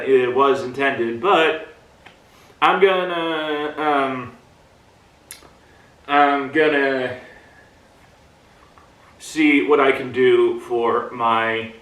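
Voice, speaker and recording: A man giving a casual movie review to a camera, talking in halting bursts with many fillers and pauses, and swinging his pitch between low and high in play. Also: sharp tone, recorded from a distance. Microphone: camera mic at a distance. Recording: roomy echo, mic set back.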